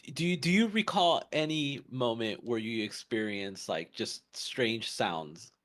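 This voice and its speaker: A man's voice: medium pitch, expressive, unhurried, a bit bright, a little hiss or hum. A man co-hosting a podcast, telling a story in casual chat with lots of fillers and restarts. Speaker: podcast co-host.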